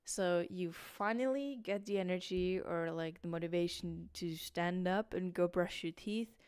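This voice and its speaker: A woman's voice: on the low side, unhurried, darkish tone, clear, resonant tone, no room sound, clean studio sound. A tired young woman with a British-tinged accent, chatting casually and rambling on a late-night livestream, full of restarts and fillers. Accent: British-tinged English. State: sleepy, tired. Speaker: streamer.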